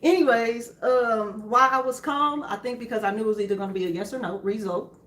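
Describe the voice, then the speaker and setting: A young woman telling her story to her husband in a calm, matter-of-fact way, with many fillers. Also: fairly high pitch, a little fast, reverberant. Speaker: co-host, wife. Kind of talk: candid conversation with her husband.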